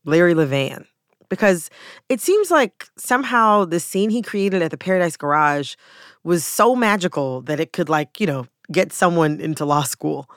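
A woman's voice: on the low side, lively intonation, normal speed, no echo. A woman host giving scripted, conversational narration. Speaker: podcast host. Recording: dry studio with light music.

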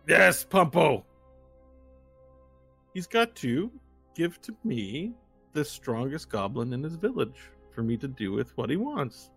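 A man playing a smooth-talking male gangster boss from hell, oily and falsely apologetic, who stalls with restarts. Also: fairly high pitch, pitched above the performer's own voice, heavily acted.

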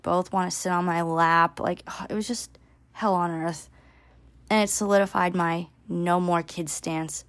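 Woman, 30s, vlogger. Casual storytelling, gravelly fry, dry close sound. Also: mid-range voice, dry recording. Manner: chatty, many "like" fillers.

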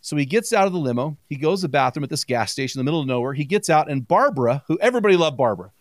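A man guesting on a podcast, telling stories quickly with plenty of energy and laughter in a casual chat. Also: fairly high pitch, no echo, studio quality. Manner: energetic storyteller, quick and chatty, laughs often.

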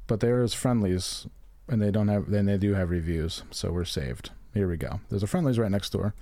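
A man's voice: fairly low pitch, moderate pace, mellow, dry recording. Laughing, profane man podcasting. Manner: profane, laughing, reads reviews aloud. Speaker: podcast co-host. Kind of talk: casual comedic chat.

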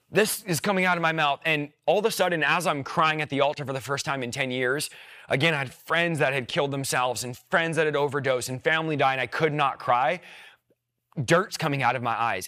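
A man's voice: fairly high pitch, bright, forceful tone. A young man telling his personal faith testimony on a podcast, earnest and emotional, often repeating his phrases. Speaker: podcast guest.

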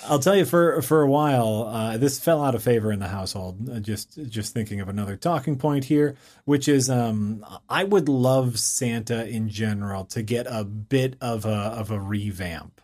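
A man co-hosting a loose, casual conversation. He rambles enthusiastically, stacking fillers and restarts as he pitches ideas. He is quick to laugh. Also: a little mellow. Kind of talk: casual chat.

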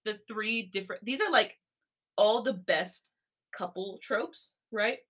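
A woman podcast co-host reading a romance story aloud in an expressive narration. Her voice is bright and clear, with a middle pitch. She breaks off for animated, giggly chat. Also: slow.

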